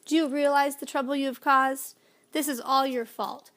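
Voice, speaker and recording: Woman narrator doing a fussy, formal official for a storybook; brisk and prim, high voice. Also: steady tone, fairly bright tone. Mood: scolding. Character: tall thin fussy male official, stern.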